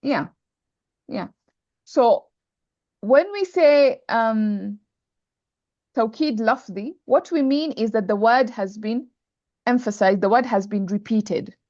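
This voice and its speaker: A woman's voice: on the high side, slow, long pauses, a little mellow, no room sound. A woman teaching Arabic grammar in an online class, patiently repeating terms and checking that students follow. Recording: dull lo-fi online call audio.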